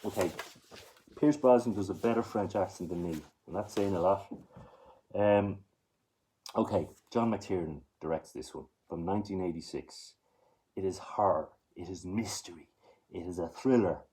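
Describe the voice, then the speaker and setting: A man's voice: low voice, normal speed, dark tone, low-quality recording. A man giving a casual, rambling spoken movie review, listing titles and talking to himself as he goes.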